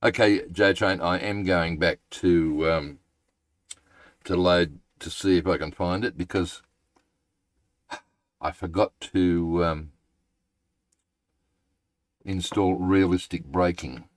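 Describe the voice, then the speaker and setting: A deep-voiced man streams a game live, rambling and half-thinking aloud. He speaks at an unhurried pace, often stalling mid-sentence and then addressing his viewers directly. His voice sits close and dry, with little room sound. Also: steady tone, no room sound.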